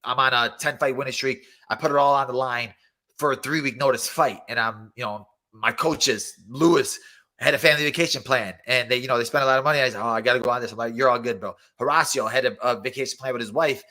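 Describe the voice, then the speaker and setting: A man's voice: mid-range voice, fast talker. A man in his thirties, a fighter guest on a podcast, telling stories in casual chat and acting out quotes. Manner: excited storytelling, acts out quotes.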